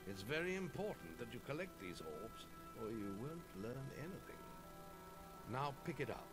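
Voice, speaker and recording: An actor playing a gruff older male guild master who trains a young recruit in a video game, brisk and commanding. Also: medium pitch, sing-song, lightly acted. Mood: instructive. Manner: brisk, commanding, calls the player lad. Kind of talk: video game cutscene dialogue. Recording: game audio with loud music.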